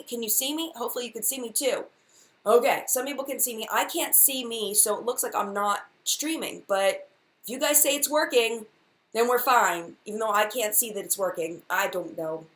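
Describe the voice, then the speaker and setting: A young adult woman, a beauty YouTuber, hosts a casual live-stream chat, sounding flustered, chatty and apologetic. Her voice is fairly high and fairly bright. The recording has an echoey room and faint background hiss.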